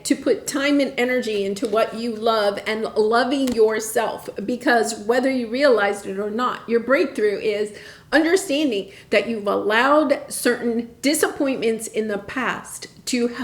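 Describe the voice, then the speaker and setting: Chatty woman reading tarot, echoey room. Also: on the high side. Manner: chatty, encouraging, checks in with "right?" and "okay?". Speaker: tarot reader.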